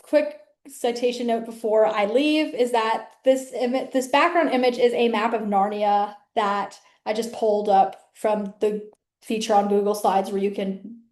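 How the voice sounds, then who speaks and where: A woman's voice: on the high side, fairly even intonation, measured pace, darkish tone. A woman hosting her own video, talking casually and rambling with many fillers and restarts. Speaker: video host. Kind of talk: casual rambling talk to camera. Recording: echoey room.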